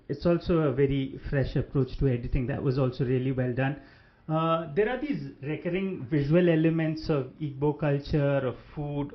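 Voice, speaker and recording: A man giving a casual spoken movie review, pausing often and restarting his sentences. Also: a little high, dull audio. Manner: hesitant, many fillers and restarts. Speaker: film reviewer.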